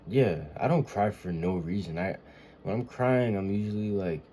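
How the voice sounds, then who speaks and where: A man's voice: lowish voice, normal speed, warm tone, a little hiss or hum. A man talking in a casual confessional monologue, rambling and emotional, often swearing and searching for words. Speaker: vlogger.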